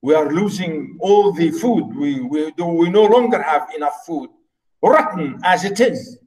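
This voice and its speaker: Man, Arabic first language, classroom lecture, slow delivery, keeps repeating and rephrasing. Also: on the high side, expressive, a little mellow, recorded from a distance, poor audio. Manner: explains slowly, repeating and paraphrasing each line. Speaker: literature teacher.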